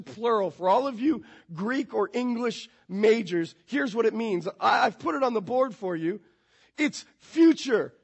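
A man delivers a sermon in a high, gravelly voice that is heavily raspy. He preaches emphatically, building at times to near shouts. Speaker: pastor.

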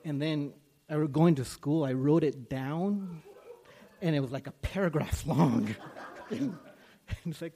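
A man's voice: a little high, a little slow, long pauses, dark tone. A man, a school principal, speaking to a congregation in a chatty, self-deprecating way with many fillers. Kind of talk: casual talk to a congregation.

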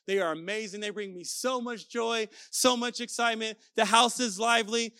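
High, bright-voiced energetic male preacher. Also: a little fast, hardly any pauses, dry recording, clean studio sound. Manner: energetic, shouted exhortations and rhetorical questions to the audience. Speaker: pastor. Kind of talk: sermon.

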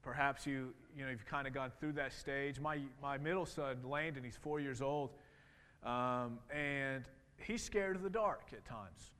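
Conversational preacher in a reverberant hall. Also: male voice, mid-range voice, a little slow, a bit bright, clear, resonant tone. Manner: conversational, with many fillers and restarts. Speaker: pastor. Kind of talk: sermon.

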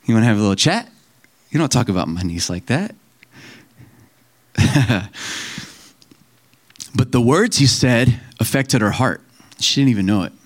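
A man preaching a sermon in a conversational, storytelling way, quoting scripture and family members and laughing at himself now and then. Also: on the low side.

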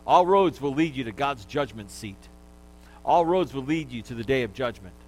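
A pastor delivers a sermon to his congregation in a mid-pitched male voice. He teaches patiently and asks the listeners to repeat words back to him. He lightens the lesson with small jokes. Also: animated, normal speed, a little hiss or hum, poor audio.

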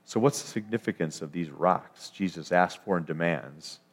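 A man's voice: sits low, normal speed, slightly rough. A man preaching a sermon, emphatic, rising to declarations and often restarting his phrases.

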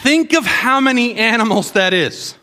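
Man, sermon for children, animated, quizzing the kids, high pitch. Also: moderate pace. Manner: animated, asks the kids questions.

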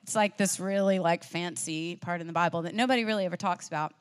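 A woman preaching a sermon in a casual, chatty storytelling way. She shifts between loud, emphatic declarations and quiet, offhand asides. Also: on the low side, fairly even intonation, fast talker, clean tone. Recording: long reverb, as in a large hall.

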